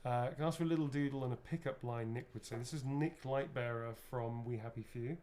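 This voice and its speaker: A man in mid pitch talks loosely and rambles while he signs items, dropping casual swears. His speech is informal and unscripted, with a faint hiss of room noise underneath. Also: fairly quick, a little mellow. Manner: rambling, chatty, swears freely. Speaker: actor signing autographs. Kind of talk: casual livestream chat.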